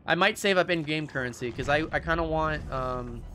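A young man streaming a game live, reacting excitably with jokes and frequent swearing. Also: on the high side, normal speed, faint music behind. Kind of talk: live gameplay commentary.

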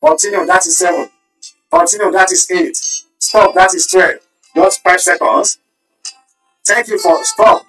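A man hosting a live stream, reading viewer comments aloud and tallying their votes in an animated way. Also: sits high, a little slow, pauses often, distant mic, faint music behind, poor audio. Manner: animated, switching between Yoruba and English, counting votes aloud. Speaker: livestream host.

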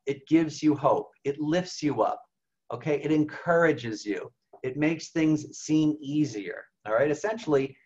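A man, a priest, giving an informal spiritual talk, often checking in with "okay?" and "right?". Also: mid-range voice. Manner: conversational, frequent "okay?" and "right?" check-ins. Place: home over video call. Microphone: video call. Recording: slightly dull video call audio.

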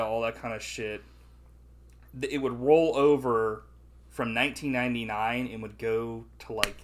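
Bright-voiced profane man on a podcast. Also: mid-range voice. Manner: loose, profane, laughs often, acts out movie lines. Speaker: podcast co-host. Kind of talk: casual movie review chat.

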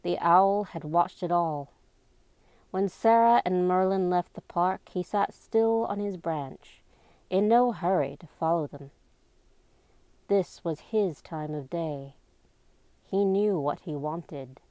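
Slow, mellow woman reading a storybook. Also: lowish voice, no room sound. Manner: slow, even, deliberate narration. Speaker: amateur reader.

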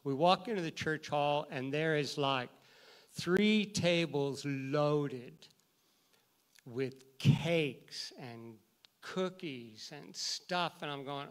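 A male teacher tells a story to an audience with a lively, animated delivery. His voice sits a little high, and he jumps into the voices of the people in the tale. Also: very slow. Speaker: teacher and guest speaker. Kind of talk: storytelling talk.

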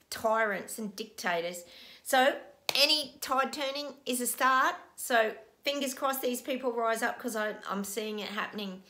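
A woman's voice: on the high side, measured pace, bright, forceful tone. A middle-aged woman vlogging as a psychic, emotional and breathless, laughing often and near tears. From Australia. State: overwhelmed, teary. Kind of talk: casual video monologue.

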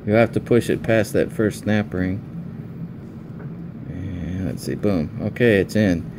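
A man's voice: deep voice, slow, noisy background. A man chatting casually as he explains a repair step by step at a home workbench. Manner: chatty, folksy, thinking aloud while working. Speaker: electronics repair hobbyist.

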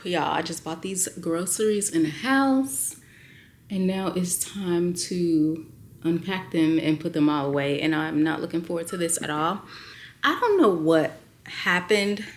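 A woman vlogging to camera, talking slowly and hesitantly with heavy sighs, emotional and near tears. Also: on the low side, slight background noise. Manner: slow, heavy, sighing and hesitant. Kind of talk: personal vlog confession.

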